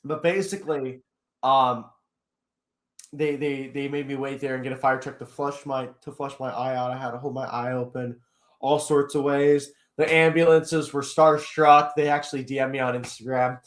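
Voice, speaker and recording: A man's voice: mid-range voice, level tone, normal speed. Young man telling a rambling story. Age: young adult. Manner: rambling, heavy on fillers like "basically". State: eye still hurting after an attack. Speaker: guest commentator. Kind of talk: casual interview storytelling. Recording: roomy echoey room.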